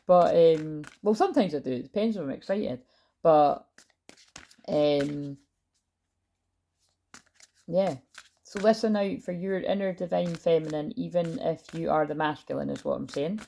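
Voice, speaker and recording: Gravelly low-voiced woman. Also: a little slow, long pauses. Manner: loud, chatty, swears freely. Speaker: tarot reader. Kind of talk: casual tarot reading monologue. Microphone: built-in camera mic, no lapel.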